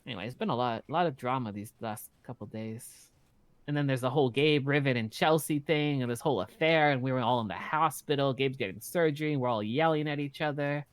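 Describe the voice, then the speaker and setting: A man chatting casually in character, swearing freely as he tells one story after another. His voice is mid-pitched and sits close and dry on the mic. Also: a little fast, clear, resonant tone, dry recording. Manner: blunt, profane, animated storytelling. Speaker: roleplay streamer.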